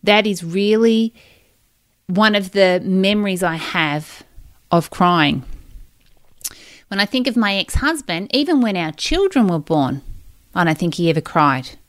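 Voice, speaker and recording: On her personal podcast, a woman in her forties tells her own stories candidly and emotionally, rambling and circling back as she goes. Her smooth, clear, medium-pitched voice has lively intonation and an unhurried pace. The recording is dry and close, with no room sound.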